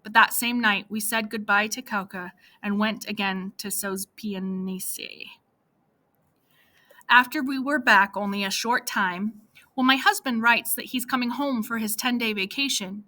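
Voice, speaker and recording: A woman narrating a first-person story for an audiobook in a plain, steady manner. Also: mid-range voice, measured pace.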